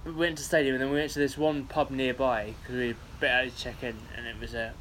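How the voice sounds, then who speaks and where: A man's voice: mid-range voice, level tone, quick pace, fairly bright tone, slight background noise. A man from England co-hosting a podcast, telling sweary stories between laughs in casual chat. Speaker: podcast co-host.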